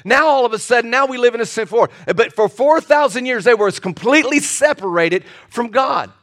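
A middle-aged man preaching with a strikingly high voice. He is impassioned and stumbles over restarts and repeated words. He keeps throwing questions out to his listeners. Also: brisk, a bit bright. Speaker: pastor. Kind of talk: sermon.

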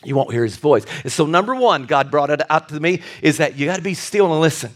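A middle-aged man preaching a sermon, swinging from loud, stretched-out bursts to quiet, close asides. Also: on the high side, lively intonation, fast talker. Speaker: pastor.

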